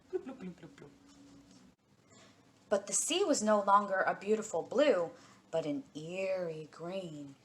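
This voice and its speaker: A woman librarian reading a fairy tale aloud to children in an expressive, sing-song storytelling manner. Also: fairly low pitch, slight background noise.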